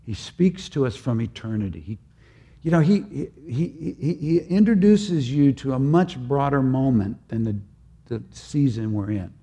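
An older man preaching a sermon in an earnest, halting way, often restarting his phrases. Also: medium pitch, expressive, warm tone, slightly rough.

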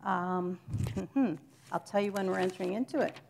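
A woman's voice: fairly low pitch, normal speed, vocal fry, darkish tone. A woman giving an informal church teaching to a congregation, chatty and joking with them, stopping to correct herself.

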